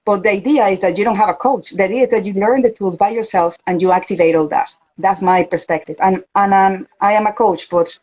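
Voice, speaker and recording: Venezuelan-accented woman, coach and interview host, lively chat, acts out quotes. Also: mid-range voice, a little fast, hardly any pauses, highs cut off. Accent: Venezuelan Spanish. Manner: animated, acts out quoted voices.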